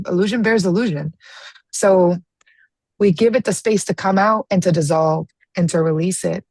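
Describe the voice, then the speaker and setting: Earnest woman facilitator, slightly low, husky voice, dry close sound, reflective group talk. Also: moderate pace, a little mellow, no room sound. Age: adult parent. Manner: earnest, reflective, restarts phrases. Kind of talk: casual group discussion.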